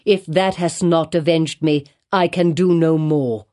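A woman's voice: deep voice, steady tone, measured pace, warm tone. A woman reading the part of a bitter, vengeful elderly male physician in an audiobook, in grave, brooding old-fashioned speech.

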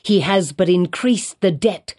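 A woman voicing a bitter, vengeful old physician in an audiobook. He speaks in grave, old-fashioned phrases with a low, dark, mellow tone. His manner is brooding and heavy. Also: measured pace. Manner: grave, brooding, archaic speech. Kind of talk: audiobook character reading.

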